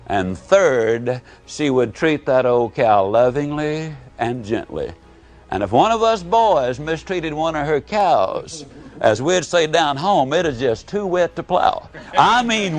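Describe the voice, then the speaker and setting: Animated folksy motivational speaker, man. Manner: dramatic swings between booming and hushed delivery; folksy storytelling. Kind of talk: live motivational speech.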